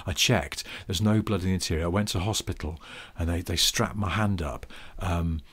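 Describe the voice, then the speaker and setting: A man's voice: sits low, moderate pace, a bit bright, slightly rough. A middle-aged man co-hosting a podcast, telling anecdotes in casual chat with the odd swear. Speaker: podcast co-host.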